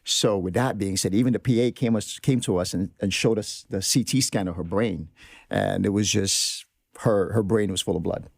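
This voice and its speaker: A man's voice: fairly low pitch, normal speed, creaky, no echo, clean studio sound. A man telling a personal story on a podcast in an earnest, reflective way. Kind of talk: casual podcast conversation.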